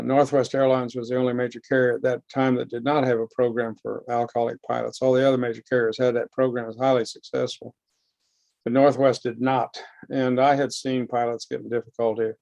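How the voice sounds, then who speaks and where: Man telling his own recovery story at a lecture, gravelly voice, close dry sound, slow and heartfelt. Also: mid-range voice, a little mellow, no echo. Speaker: guest speaker. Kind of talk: personal recovery testimony. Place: lecture hall.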